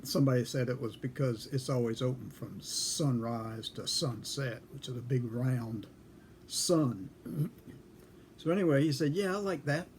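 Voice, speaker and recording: A man's voice: medium pitch, a little slow, darkish tone, a little hiss or hum. A man telling a casual story in a folksy, dry way, acting out both sides of a conversation. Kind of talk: casual spoken anecdote.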